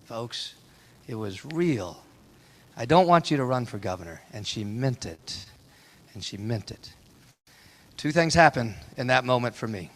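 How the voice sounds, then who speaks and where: A man's voice: on the high side, a bit bright. Impassioned man giving a campaign speech. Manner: impassioned, folksy storytelling with repeated rhetorical lines. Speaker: political candidate. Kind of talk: town hall campaign speech. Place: town hall meeting room.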